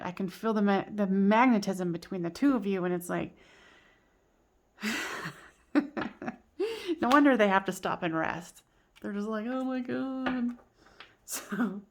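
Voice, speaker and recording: Chatty woman doing a tarot reading, giggles a lot, lots of ums and restarts. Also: mid-range voice. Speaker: tarot reader. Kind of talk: casual spoken tarot reading.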